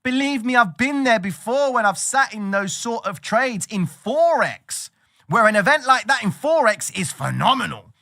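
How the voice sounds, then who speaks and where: A man giving casual, animated trading commentary on a livestream. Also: extremely high pitch, normal speed. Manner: animated, slangy, excitable.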